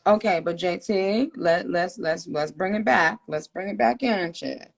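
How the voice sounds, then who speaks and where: A woman's voice: fairly low pitch, unhurried, gravelly. A woman hosting a livestream, chatting in a laid-back, drawling way and asking her guest questions. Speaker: host of the livestream. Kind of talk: casual livestream chat. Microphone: phone.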